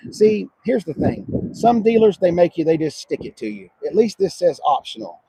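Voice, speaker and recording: Guy on a car lot, gravelly and lively, mutters then yells, dry close sound. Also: on the high side, no echo. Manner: loud, excitable, swings between murmurs and shouts. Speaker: car dealership vlogger. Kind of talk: casual walkaround car review.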